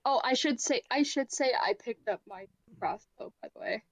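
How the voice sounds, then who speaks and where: A woman's voice: a little high, moderate pace, dry recording. A woman playing a tabletop game, talking in a playful, eager way. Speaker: player. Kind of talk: casual tabletop play. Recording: faint background noise.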